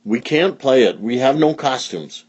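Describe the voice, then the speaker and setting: A man's voice: medium pitch, lively intonation, unhurried, a little mellow, pitched above the performer's own voice. A man voicing a bossy, know-it-all male bear in a storybook read-along, explaining things firmly. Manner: firm, explaining, patient but blustery. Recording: dull lo-fi recording.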